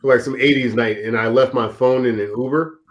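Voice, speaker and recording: A man's voice: mid-range voice, steady tone, a little fast. A man co-hosting a casual chat, talking in a laid-back, slangy way. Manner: laid-back, slangy, says bro and dude.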